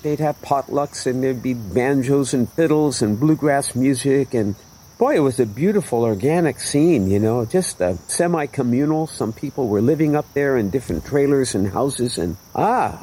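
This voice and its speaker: Earnest older man, mellow voice. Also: medium pitch, husky, rough recording. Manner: earnest, emotional storytelling. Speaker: testimony speaker. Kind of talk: personal faith testimony.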